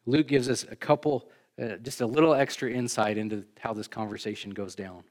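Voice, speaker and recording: A male pastor delivers an emphatic, conversational sermon at a fairly quick pace, his ordinary middle pitch staying fairly even overall. He climbs sharply on key points, then sinks quietly, with casual asides to the congregation.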